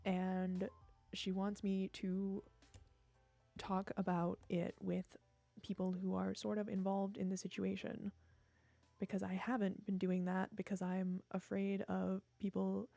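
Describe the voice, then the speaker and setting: A young woman talks casually to her stream on a desk mic, her voice full of gravelly fry. She's chatty and self-mocking and laughs at herself a lot. Faint music plays behind her. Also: mid-range voice, completely flat delivery, unhurried, dark tone, no echo. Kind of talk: casual chat with viewers.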